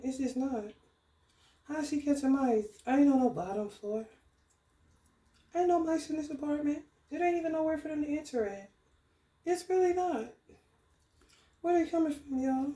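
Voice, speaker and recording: A woman speaking, ranting in a casual spiritual vlog. Her voice sits a little high and comes back off the walls of an echoey room, and she talks profanely with sudden bursts of animation. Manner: profane, animated, laughing outbursts. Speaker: spiritual tarot reader.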